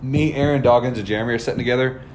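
A man's voice: mid-range voice, steady tone, very fast, a little hiss or hum. A man telling a long, profane story on a podcast, acting out the people he quotes. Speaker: podcast host. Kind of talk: casual storytelling.

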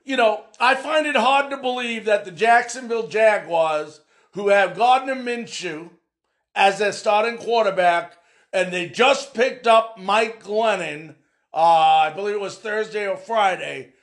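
Man, sports podcast host, very high voice, slow, loud and emphatic. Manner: loud, emphatic, often shouting, fillers.

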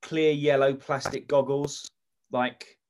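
A man in casual comic chat, spinning a silly story with lots of ums and side notes. His voice sits in the middle range for a man. He sounds relaxed and chatty. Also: mid-range voice, slow. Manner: rambling storytelling with fillers and swearing.

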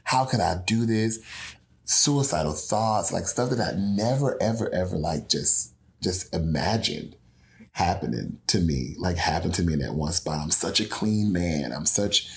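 A man's voice: low-pitched, lively intonation, normal speed, creaky. A young man from Houston, earnestly telling his personal story as an interview guest. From Houston, Texas. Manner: earnest, with frequent restarts and quoted dialogue.

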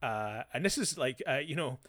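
A man's voice: medium pitch, lively intonation, a bit bright. A man, recapping a show as a podcast co-host in casual chat and acting out the characters' lines with sarcasm. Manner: sarcastic, acts out characters' lines in quick voices.

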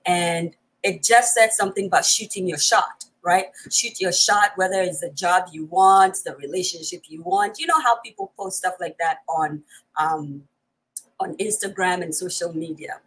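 A woman's voice: on the low side, normal speed, fairly bright tone, husky, low-quality recording. A woman hosting a live online talk show, energetically greeting viewers in many languages and laughing often. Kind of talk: lively live-stream greeting and chat.

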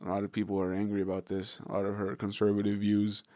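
A man's voice: lowish voice, completely flat delivery, quick pace, mellow, no echo, clean studio sound. A man hosting a podcast in casual chat, rambling and profane, laughing often between thoughts. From Southern California.

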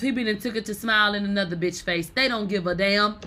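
A woman hosting a casual celebrity gossip show, blunt, profane and animated. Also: medium pitch, fairly quick, few pauses, a little hiss or hum.

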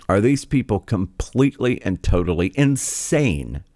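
A man with a low voice hosts a political commentary rant, his tone sarcastic and scornful. His pitch swings widely as he mocks and scoffs. The sound is dry and close. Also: lively intonation, moderate pace, dry recording. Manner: sarcastic, scornful, filler-heavy. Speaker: commentary show host.

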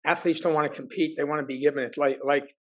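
Older man, slightly high voice, former recruiter, casual chat, emphatic and plain-spoken. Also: steady tone, fast, low-quality recording. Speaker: former football recruiter, interviewer.

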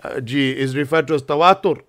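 A man's voice: a little high, quick pace, a bit bright. A man hosting a casual religious discussion, explaining at length and mixing Urdu words into his English. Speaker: imam and host.

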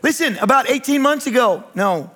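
A middle-aged male pastor preaching a sermon, animated and rising to shouts, telling a candid, self-deprecating personal story. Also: high voice, normal speed.

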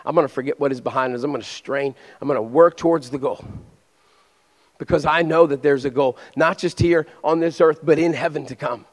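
A man with a high voice preaches to his church, moving between fervent exhortation and casual, confiding asides. The long reverb of a large hall trails after his words. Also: a little fast. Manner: energetic preaching that swings between loud exhortation and quiet conversational asides. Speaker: pastor. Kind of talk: sermon.

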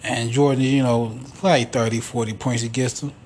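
A man's voice: mid-range voice, fairly even intonation, moderate pace, darkish tone, a little hiss or hum. A man hosting a podcast alone, telling stories in a rambling, profane, casual way. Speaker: podcast host. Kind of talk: casual solo monologue.

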